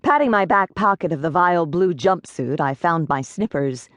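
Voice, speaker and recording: This is a female audiobook narrator reading a first-person text in a steady, measured manner. Her pitch is fairly low, and the studio-quality recording is dry.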